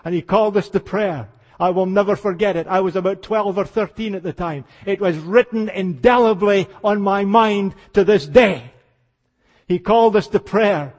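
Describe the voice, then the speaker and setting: An older man preaching a revival sermon, telling stories with passion and moving between hushed tones and exclamations. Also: sits high, normal speed. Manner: impassioned storytelling, dropping to hushed tones then rising to exclamations. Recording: reverberant hall.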